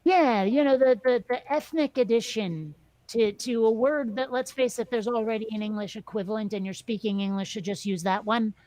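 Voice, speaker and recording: A woman's voice: fairly high pitch, moderate pace, mellow, no echo. A woman hosting a casual group chat, talkative and self-deprecating, trailing off with fillers. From New York area. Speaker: host.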